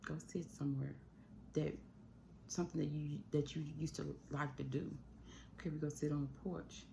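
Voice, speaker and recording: Speaking at a moderate pace with fairly even intonation, this YouTube host has a deep, mellow voice with vocal fry. She rambles earnestly about grief into her phone at home, often changing her speed, over slight background noise.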